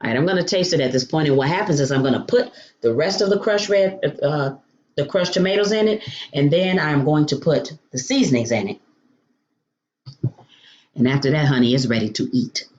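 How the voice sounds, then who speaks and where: A woman's voice: low voice, fairly quick, darkish tone, muffled recording. A woman hosting a home cooking demonstration, chatty and playful, calling viewers honey and baby. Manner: playful food exclamations. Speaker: cooking show host.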